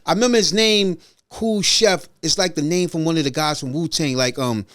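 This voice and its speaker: A middle-aged man hosting a podcast, telling stories in a casual, animated way and acting out the voices of people he quotes. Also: on the high side, normal speed, no room sound, clean studio sound. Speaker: podcast host. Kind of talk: casual storytelling conversation.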